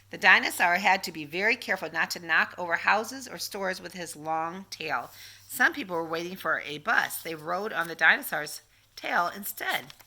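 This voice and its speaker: Animated grandmother reading a picture book. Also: on the low side, normal speed, gravelly. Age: older. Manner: animated, asks the child questions.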